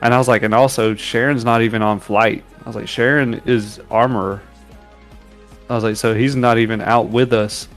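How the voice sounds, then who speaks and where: A man co-hosting a casual streamed podcast, telling military stories and acting out shouted quotes. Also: mid-range voice, normal speed, faint music behind. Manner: animated, acts out shouted quotes while telling war stories. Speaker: podcast co-host. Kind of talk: casual storytelling on a livestream.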